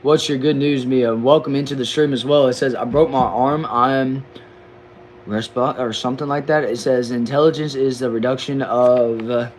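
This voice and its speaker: An upbeat young man hosts a casual live stream, reading viewer comments aloud and answering them one by one. His voice sits at an ordinary middle pitch, and a faint hiss of background noise runs under it. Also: fairly even intonation, moderate pace. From Texas, USA.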